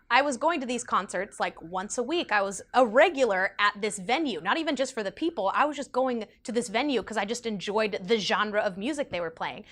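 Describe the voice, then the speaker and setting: A young woman casually telling a personal story, animated and chatty, with lots of "like" fillers. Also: on the high side. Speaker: vlogger.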